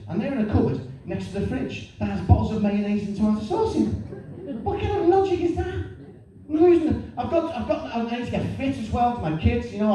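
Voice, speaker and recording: A middle-aged man doing a lively, self-mocking stand-up comedy routine. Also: sits high. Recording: echoey room, distant mic, faint noise.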